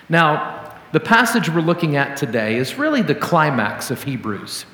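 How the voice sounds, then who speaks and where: Man, sermon, earnest teaching tone, lively pitch, echoey hall. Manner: earnest teaching, slows for emphasis. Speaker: pastor. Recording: roomy hall with long reverb.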